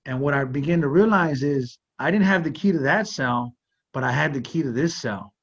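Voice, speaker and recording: A man's voice: on the high side, animated, moderate pace, breathy edge. A man hosting a talk show, sharing a personal story in an earnest conversational way, with frequent "like" and "you know". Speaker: podcast host. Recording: slightly muffled audio.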